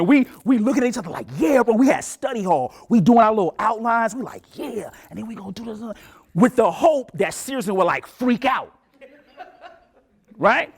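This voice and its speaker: A man in his late forties giving a talk as a professor, telling a story with lively asides and acted-out voices. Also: high-pitched, creaky, slightly rough. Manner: animated storyteller, acts out voices, laughs. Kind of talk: lecture with storytelling.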